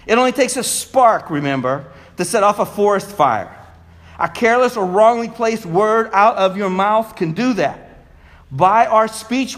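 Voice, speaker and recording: A middle-aged male pastor preaching a sermon, rising to shouts and dropping low for emphasis. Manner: preachy, builds to shouts then drops low.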